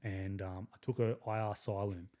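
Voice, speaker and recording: An Australian man in his thirties talks like he's among mates, peppering his stories with swearing and "like". His voice sits a little low, and his telling runs loose and unscripted. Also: moderate pace. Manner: crude, swearing, lively anecdotes with frequent "like". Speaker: podcast guest, army veteran. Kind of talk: casual storytelling.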